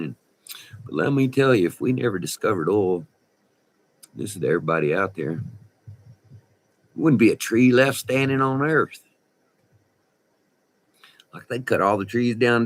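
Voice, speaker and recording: A middle-aged man with a West Texas drawl, telling folksy, slangy stories from his oil field days in a casual vlog. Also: lowish voice. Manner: folksy, slangy, laughs between remarks. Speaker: vlogger, former oil field worker. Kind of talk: casual storytelling.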